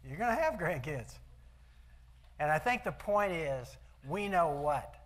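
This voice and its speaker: In an event hall, an older speaker offers a motivational talk built from folksy personal tales and rhetorical questions aimed at the audience. His fairly high, fairly bright voice is very animated yet unhurried.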